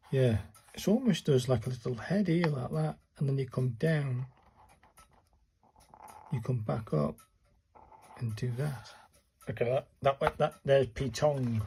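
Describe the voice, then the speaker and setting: A man's voice: mid-range voice, vocal fry, dark tone, slight background noise, rough recording. A man casually talking himself through his writing strokes, muttering step by step as he practices. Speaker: calligraphy learner and channel host. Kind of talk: casual narration while practicing.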